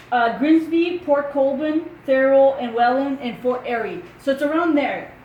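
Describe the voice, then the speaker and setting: High-voiced French-accented woman vlogger. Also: reverberant, a little hiss or hum, poor audio. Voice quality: animated, wondering aloud with rhetorical questions. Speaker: true crime vlogger. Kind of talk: casual true crime commentary, reading news aloud.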